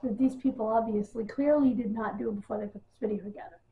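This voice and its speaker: A woman ranting in a casual, exasperated way, pausing on ums and scoffing with sarcasm. Her voice sits a bit high. The sound is narrow and tinny, like a phone line. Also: fairly even intonation, gravelly. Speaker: wrestling news vlogger.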